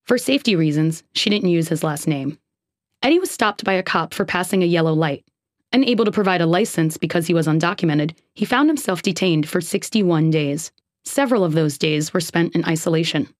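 A woman reads a scripted radio news report with a clear, even delivery. Her voice sits on the low side, recorded close and dry. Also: fairly quick, no room sound. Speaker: radio producer.

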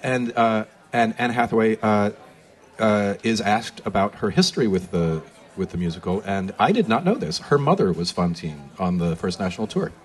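A man's voice: fairly low pitch, very animated, normal speed. A man co-hosting a live podcast taping, passing on news and book tips in an easygoing, wry way. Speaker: podcast co-host. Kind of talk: live podcast panel chat.

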